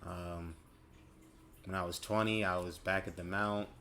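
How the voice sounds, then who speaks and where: A man's voice: low voice, fairly even intonation, measured pace, fairly bright tone, a little hiss or hum. A man in his late twenties hosting his own show, talking in a casual, reflective way that rambles and corrects itself as he thinks aloud. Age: late 20s. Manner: rambling, self-correcting, thoughtful. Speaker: podcast host.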